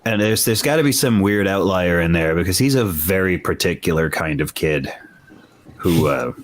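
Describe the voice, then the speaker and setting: Podcast cast member: low-voiced man, rambling and playful, casual group banter over a call. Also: expressive, moderate pace, a little hiss or hum. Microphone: remote call.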